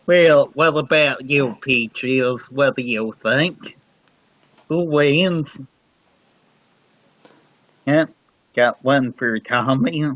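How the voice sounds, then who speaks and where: A man's voice: mid-range voice, extremely slow, pauses often, a bit bright, dry recording. A man joining a casual livestream chat as a guest from home, easygoing and laid-back. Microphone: computer mic on a livestream. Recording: dull, dry lo-fi stream audio.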